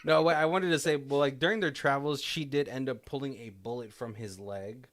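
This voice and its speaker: A man co-hosting a relaxed film commentary podcast. His voice sits in an ordinary middle pitch. He rambles through the plot and slips into quoted lines from the characters, laughing along the way. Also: a little fast, a little hiss or hum. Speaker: podcast co-host. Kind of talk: casual movie commentary chat.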